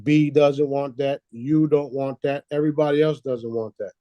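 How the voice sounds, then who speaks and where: A man's voice: medium pitch, fairly even intonation, normal speed, dry recording, highs cut off. A man hosting a casual talk, boastful and preachy, swearing freely and laughing at his own lines. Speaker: host.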